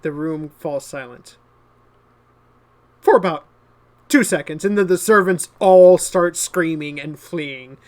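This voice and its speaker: A man's voice: fairly high pitch, slow pace, long pauses. A man narrating as game master of a tabletop game, with a hesitant delivery full of fillers.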